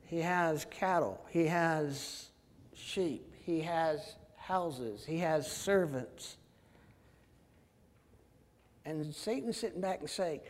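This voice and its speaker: A man's voice: a little high, extremely slow, long pauses. A man leading a group Bible discussion, emphatic and calling on class members by name. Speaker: Bible study teacher. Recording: long reverb in a large room.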